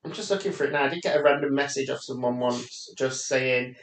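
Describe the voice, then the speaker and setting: A man's voice: medium pitch, brisk. A man with a Yorkshire accent co-hosting a podcast in casual chat, playful and self-mocking. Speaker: podcast co-host. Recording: roomy echo.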